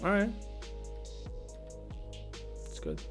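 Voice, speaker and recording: A man's voice: very slow, soft background music. A man streaming live news commentary, reading headlines aloud in an irreverent way, swearing and laughing at his own jokes.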